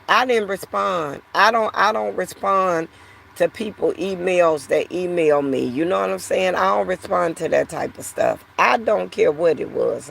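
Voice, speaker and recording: A woman's voice: fairly low pitch, gravelly. A woman vlogger talking to her viewers in a casual, frustrated, repetitive way. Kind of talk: casual talk to camera.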